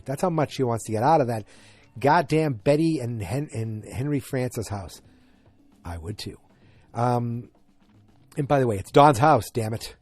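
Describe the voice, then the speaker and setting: A man's voice: medium pitch, normal speed, darkish tone, faint music behind. A man hosting a podcast, chatting through an episode recap in a rambling way that flares into exasperation. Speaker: podcast host.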